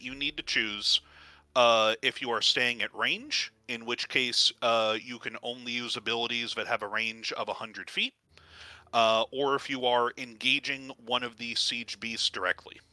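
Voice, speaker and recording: A man's voice: mid-range voice, normal speed, sharp tone, no echo. A man acting as game master, explaining the rules to his players in a loose, conversational way with many "uh" fillers.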